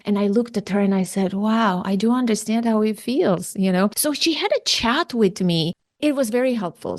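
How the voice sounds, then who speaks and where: Woman podcast host, animated storyteller, dry close-mic sound. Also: dry recording. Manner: animated, acts out quoted dialogue with big pitch jumps. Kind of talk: personal storytelling monologue.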